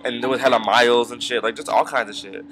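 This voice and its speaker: A man's voice: mid-range voice, steady tone, fast talker, a bit bright, slight background noise. A young man with a mid-range voice tells a story in a loose, rambling vlog rant. He swears constantly, trails off into ums and asides, and keeps circling back to his complaint. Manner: rambling, profane, full of fillers and asides. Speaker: vlogger.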